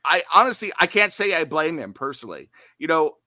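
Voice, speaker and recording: A man's voice: on the high side, very animated, a little fast, pushed and bright, no echo. A man co-hosting a horror movie podcast, chatting casually with jokey, self-deprecating asides. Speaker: podcast co-host.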